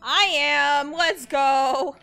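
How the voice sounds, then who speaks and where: A young woman commenting on her gameplay in a casual, chatty way, swearing freely and often breaking into shrieks. Her voice sits high and bright. She talks at an unhurried pace over faint background music. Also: vocal fry. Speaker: gaming host.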